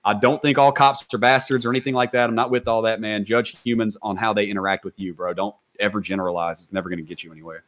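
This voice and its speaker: A man's voice: fairly low pitch, fairly even intonation, quick pace, few pauses, a bit bright. A man talking as a guest on a podcast, blunt and laid-back, with a lot of casual slang.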